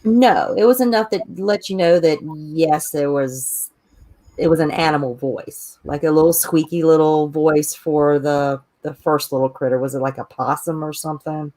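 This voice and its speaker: A woman co-hosting a film podcast in casual chat, easygoing and quick to laugh. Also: deep voice, dark tone.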